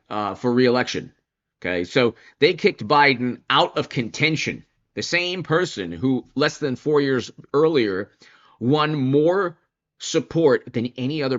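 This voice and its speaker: Male political commentator, lively and sarcastic, dull lo-fi audio. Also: mid-range voice. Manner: animated, sarcastic, mocks opponents in put-on voices. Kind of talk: opinion commentary monologue.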